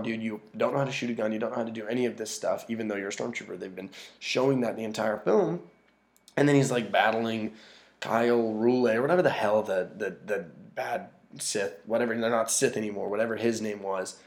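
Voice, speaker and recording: A man's voice: medium pitch, creaky, darkish tone. A man ranting casually and profanely about a movie he disliked, exasperated and often restarting his sentences. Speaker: movie reviewer. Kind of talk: casual film rant.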